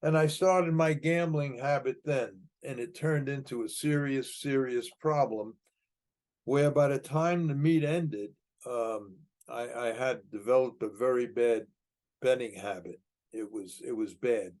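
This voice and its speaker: A man's voice: medium pitch, a little slow, darkish tone. An older American man telling a long story from his past, rambling with repeated words and restarts, acting out tough-guy dialogue. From United States. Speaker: podcast guest telling his life story. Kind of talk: casual storytelling.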